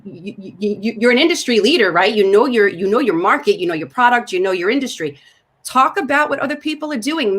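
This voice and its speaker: A woman with a New York accent, a sales coach talking in an emphatic, animated way on a video call. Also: medium pitch. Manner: emphatic, fast and animated when excited. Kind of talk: animated talk-show conversation.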